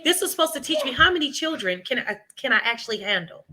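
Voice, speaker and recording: A woman, talking in a casual interview with a bright, forceful tone and a voice that sits a little high. She tells her story with animation and often slips into the voices of people she quotes. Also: sing-song, fast, slight background noise. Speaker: preschool owner and guest. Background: children nearby at home.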